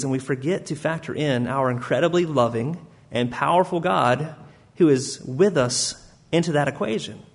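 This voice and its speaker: A fairly high-voiced man preaching a sermon. He talks in an earnest, conversational way, peppered with uh and um, and slows down to read scripture. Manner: earnest, uses many fillers like uh and um, reads scripture slowly. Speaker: pastor.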